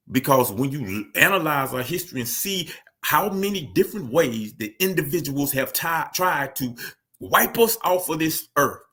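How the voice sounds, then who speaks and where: A man's voice: mid-range voice, gravelly, sharp tone. A man speaking in an emphatic commentary monologue who repeats key phrases for stress.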